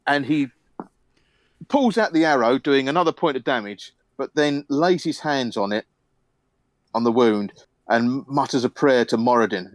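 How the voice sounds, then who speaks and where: A man narrating a tabletop game as game master, relaxed and rambling with many fillers. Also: mid-range voice, normal speed, no room sound.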